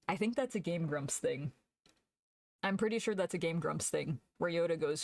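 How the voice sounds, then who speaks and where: A woman's voice: lowish voice, moderate pace, vocal fry, a little mellow, no echo. A young woman streamer chatting casually while she draws, laughing often and answering her chat aloud.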